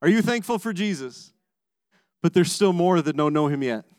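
A man preaching a sermon as pastor, emphatic, moving between raised passages and hushed low ones, often repeating words as he starts a sentence. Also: expressive, moderate pace, clear, resonant tone, dry recording.

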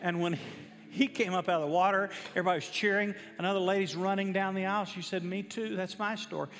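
A man's voice: sits high, fairly even intonation, quick pace, fairly bright tone, a little hiss or hum. A man, a pastor telling a story in a sermon, emphatic and building to fervent preaching. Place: church sanctuary. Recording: reverberant church hall with faint music.

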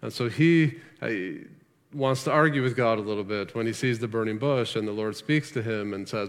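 A male pastor with a lowish voice preaches at a moderate pace in a hall full of reverb. His sermon is earnest and emphatic, punctuated by rhetorical questions.

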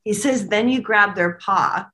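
Woman, co-host, bright tone, casual spiritual chat, laughs easily. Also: medium pitch, measured pace. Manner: laughs often, relays spirit messages. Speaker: co-host and medium.

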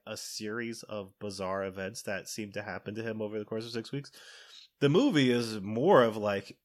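A man in casual podcast talk, comparing a book and its film in a loose, rambling way. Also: medium pitch. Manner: rambling, restarting thoughts, sporadic laughs. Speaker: podcast co-host or guest. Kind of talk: casual movie discussion.

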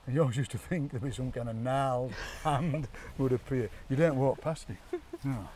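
A man's voice: medium pitch, moderate pace, recorded from a distance, a little hiss or hum. Chatty Yorkshire man outdoors. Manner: animated storyteller, mimics accents, laughs often. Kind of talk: chatty outdoor walk-and-talk. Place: outdoors by a graveyard.

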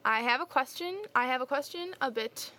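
Young female co-host, slightly high, bright and giggly, reads fan mail. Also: expressive, a little fast. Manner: giggly and playful. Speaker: podcast co-host. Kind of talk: casual chat reading listener mail.

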